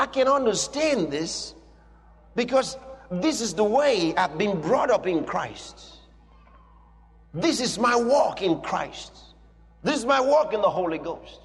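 High-voiced man preaching in a reverberant hall. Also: fairly bright tone. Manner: emphatic, repetitive declarations. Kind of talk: sermon. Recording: long hall reverb with music.

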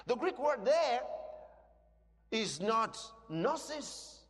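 A man with a very high, lively voice preaches with fervor, dropping to calm explanation and then rising to shouted proclamations. His words ring out with a long reverb, as if filling a large hall. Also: extremely slow. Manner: emphatic, swings from quiet teaching to shouted declarations. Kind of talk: sermon.

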